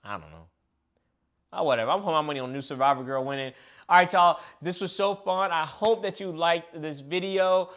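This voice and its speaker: A man's voice: on the high side, a little fast, a bit bright. A young man casually reviewing a reality show episode for his video channel, chatty and full of slang. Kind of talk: casual reaction chat.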